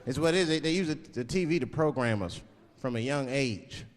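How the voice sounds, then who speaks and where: A man's voice: mid-range voice, brisk. A man doing a stand-up comedy set with loose, profane storytelling and act-outs. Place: stage before a live audience. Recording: live club hall with laughing crowd.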